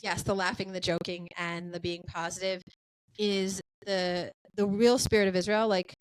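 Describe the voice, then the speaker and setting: An American woman hosting a podcast, talking in a chatty, animated way with many fillers. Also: lowish voice, moderate pace, clear, resonant tone, poor audio. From United States. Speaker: podcast host. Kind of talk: casual chat.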